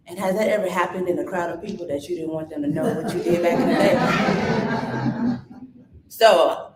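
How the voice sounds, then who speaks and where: A woman's voice: on the low side, moderate pace, long pauses, background noise. A woman giving an inspirational talk on stage, coaxing the audience to repeat lines after her. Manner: energetic, coaxing the crowd, shifts into playful quoted voices. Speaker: motivational speaker. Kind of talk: live inspirational talk with audience call-and-response. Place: event hall with audience. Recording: echoey room.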